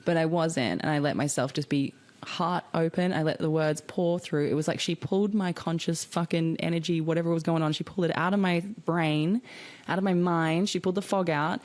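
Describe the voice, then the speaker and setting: A young woman with a low-pitched voice talks through a casual podcast monologue. She is candid and chatty, leans on fillers like "like" and "you know", and swears freely. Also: brisk, a little mellow. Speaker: podcast host.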